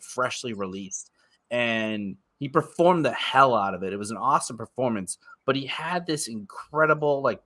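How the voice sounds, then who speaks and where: A man's voice: medium pitch, pushed and bright. A man in his thirties co-hosting a podcast, chatting casually and enthusiastically with lots of filler words. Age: 30s. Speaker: podcast co-host. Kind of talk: casual chat.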